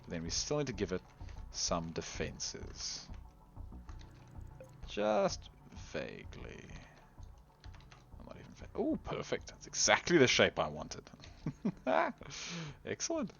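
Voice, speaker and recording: Lively, giggly man narrating gameplay. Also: fairly low pitch, takes it slowly, vocal fry, long pauses, dull audio. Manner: chatty, giggly, trails off into quiet mutters. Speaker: game video host. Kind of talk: gameplay commentary.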